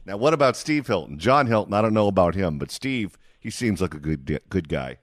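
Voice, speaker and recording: Lively radio host, dry studio mic. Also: male voice, low-pitched, dry recording. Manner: lively, jokey, quick to move on. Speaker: radio talk show host. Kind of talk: call-in radio talk.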